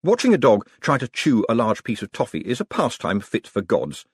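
A man doing wry, animated audiobook narration. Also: medium pitch, moderate pace, slightly rough, no room sound, studio quality.

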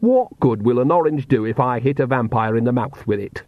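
A man's voice: mid-range voice, a little fast, no echo, narrow, tinny audio, natural voice. A man voicing an earthy, cheerful old witch who talks plainly and chattily. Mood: bossy earthy.

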